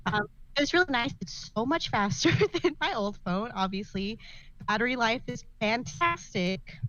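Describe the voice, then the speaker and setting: A woman's voice: on the high side, a little slow, a bit bright, lo-fi sound. A young woman co-hosting a podcast in casual chat, a chatty storyteller who fills her talk with fillers and laughs often. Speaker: podcast co-host.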